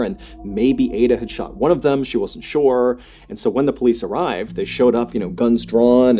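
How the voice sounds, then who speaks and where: A man narrating a true horror story in a conversational way, with frequent filler words and a voice that rises sharply in tense moments. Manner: quick, conversational, frequent filler "you know"; climbs high and loud in tense action. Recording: faint music behind.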